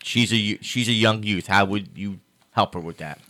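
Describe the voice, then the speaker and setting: A man's voice: on the low side, moderate pace, pushed and bright, no echo. A man hosting a faith podcast, reading out listener questions with playful jokes. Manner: joking, playful. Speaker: podcast host.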